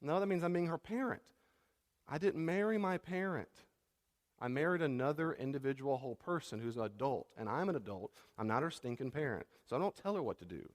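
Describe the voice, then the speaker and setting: A man's voice: mid-range voice, expressive, brisk, big-room sound. A middle-aged man preaching a sermon as a pastor, talking conversationally and repeating key phrases.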